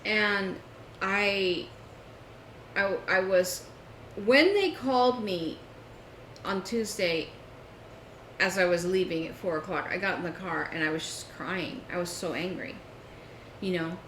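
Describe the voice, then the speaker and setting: Co-host, woman, animated storyteller, echoey room. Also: lowish voice, slow pace. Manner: animated storytelling, acts out phone calls. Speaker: podcast co-host. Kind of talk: casual chat. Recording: echoey room with faint noise.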